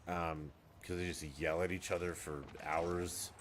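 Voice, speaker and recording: A man's voice: sits low, little pitch movement, unhurried, a bit bright, slight background noise. A man chatting casually on a live game stream, rambling and swearing freely after a few drinks. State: has been drinking.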